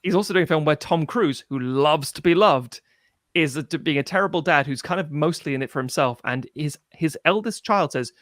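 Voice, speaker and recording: A man in casual film chat, animated, swearing freely and mimicking people as he tells a story. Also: on the high side, brisk, no room sound, clean studio sound. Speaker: podcast co-host.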